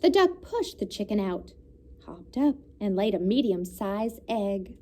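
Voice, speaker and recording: A woman teacher reading a picture book aloud to young students, pausing to comment and explain. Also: medium pitch, big pitch swings, warm tone. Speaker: elementary school teacher. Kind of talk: children's read-aloud.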